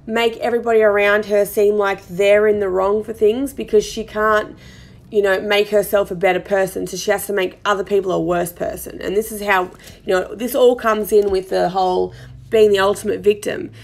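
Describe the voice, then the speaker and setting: Young aussie woman ranting on her podcast, lots of likes and you knows, crackly fry in her voice. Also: medium pitch, flat delivery, moderate pace. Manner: chatty, filler-heavy, exasperated. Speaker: podcast host. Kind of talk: casual commentary monologue.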